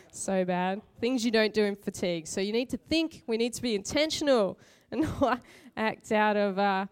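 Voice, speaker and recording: A woman's voice: mid-range voice, moderate pace, few pauses, clear, resonant tone. A middle-aged woman preaching a conversational sermon full of personal stories. She chats, laughs often and pokes fun at herself. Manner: chatty, laughs often, self-mocking.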